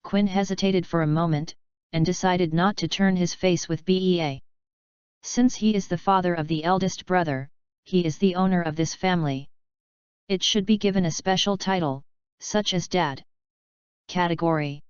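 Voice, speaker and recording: A woman narrating a fanfiction audiobook in an even, unhurried reading. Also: fairly low pitch, clean tone, no echo. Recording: dull lo-fi recording.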